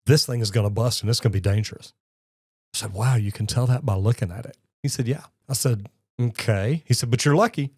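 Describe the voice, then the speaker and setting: A man's voice: mid-range voice, a little fast, darkish tone, slightly rough, no room sound, clean studio sound. A middle-aged man with a Texan accent, a plumbing educator telling stories and giving blunt, emphatic advice straight to camera. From Texas. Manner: blunt, emphatic, folksy storytelling. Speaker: plumbing educator, channel host. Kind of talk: direct-to-camera commentary with anecdotes.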